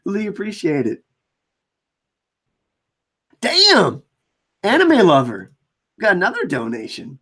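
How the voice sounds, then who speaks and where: A man hosting a casual livestream, chatting with viewers and reading out their comments and shout-outs. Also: sits high, wildly swooping pitch, takes it slowly, long pauses. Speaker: livestream host. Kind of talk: casual live-stream chat.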